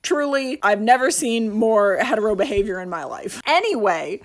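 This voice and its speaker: A woman's voice: on the high side, lively intonation, normal speed. A young woman giving a comedic review, sarcastic and profane, acting out characters as she recaps them. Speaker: video essayist.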